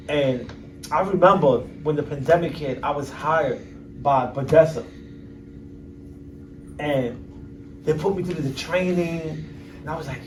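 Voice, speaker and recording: A man's voice: a little high, moderate pace, darkish tone. A man in his fifties speaking as a guest speaker at a university event. He talks candidly and bluntly to the audience and swears casually. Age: 50s. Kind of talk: candid personal talk to an audience. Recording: distant mic with faint background noise.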